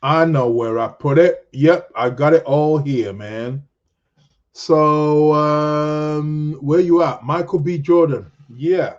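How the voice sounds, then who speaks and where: Speaking slowly with a voice on the high side, a male astrology podcast host rambles, jokes, and interrupts himself while casually chatting and reading out viewer comments. The audio sounds muffled.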